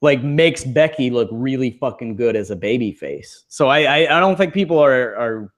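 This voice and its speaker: A man's voice: mid-range voice, lively intonation, normal speed. Rambling casual man, heavy on fillers. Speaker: podcast co-host. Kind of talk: casual chat.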